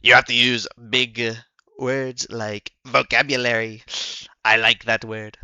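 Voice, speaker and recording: A man's voice: medium pitch, flat delivery, measured pace, sharp tone, clean tone, no echo, muffled recording. A young man putting on the voice of a boastful older male politician, bragging in repetitive superlatives with a strained throat.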